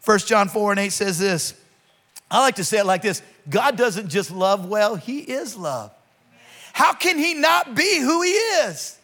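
In this sermon, a pastor with a high voice is very animated, moving between drawn-out, deliberate phrases and abrupt shouting while calling for responses from the congregation.

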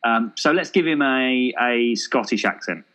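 Guy brainstorming a dumb action movie, jokey and excited, lots of ums. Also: mid-range voice, unhurried, poor audio. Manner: enthusiastic, jokey, thinks aloud with fillers. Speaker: podcast co-host. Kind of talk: casual chat, pitching a made-up film.

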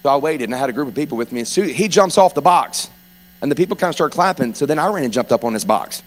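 A man preaching a sermon, telling stories in a rambling, animated way that rises to fervent preaching. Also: mid-range voice, quick pace. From North Louisiana. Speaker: pastor and hospice chaplain.

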